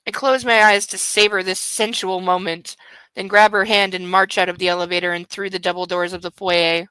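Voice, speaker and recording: A smug young billionaire lover narrates his own craving in a crisp, bright voice, as a woman reads him from a novel. He leans into his words with breathy, drawn-out emphasis. The sound is close and dry. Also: lowish voice, level tone, no echo, rough recording. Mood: brooding. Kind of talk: dramatic reading of a novel.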